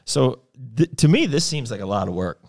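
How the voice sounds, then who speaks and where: A man's voice: mid-range voice, sing-song, fairly quick, creaky, a little mellow. A man with a mid-range voice joins a casual conversation. He pushes back with skeptical, plain-spoken questions.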